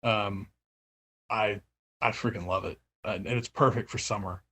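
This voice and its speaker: A man's voice: fairly low pitch, fairly even intonation, a little slow, a bit bright, breathy edge. Man, label owner, rambling chat full of fillers and little laughs. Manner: rambling, many fillers and restarts, laughs often. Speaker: label owner and music writer. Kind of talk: casual interview chat.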